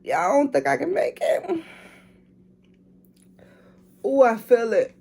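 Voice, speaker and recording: Speaking slowly in a high, sing-song voice that's gravelly, warm, and husky, a woman films at home. A mother doing a drinking challenge for her vlog, she chats casually with viewers, groaning from the strain.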